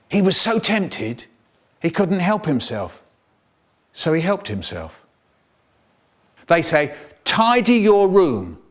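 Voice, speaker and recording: A man reading and performing comic children's poems in an expressive, playful storytelling manner. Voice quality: expressive, big swoops in pitch, playful. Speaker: children's poet reading aloud.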